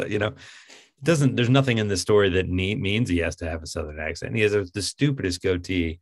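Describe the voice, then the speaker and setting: A man's voice: deep voice, fairly quick, gravelly. A man casually reviewing a film with a co-host, given to incredulous, exasperated outbursts.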